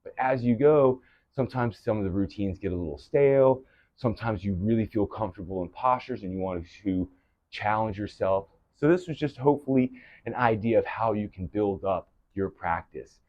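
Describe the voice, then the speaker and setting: A man teaching yoga, giving calm breath-paced cues and gentle encouragement, out of breath. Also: fairly low pitch, moderate pace, no echo, dull audio. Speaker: yoga instructor. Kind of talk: guided yoga cueing.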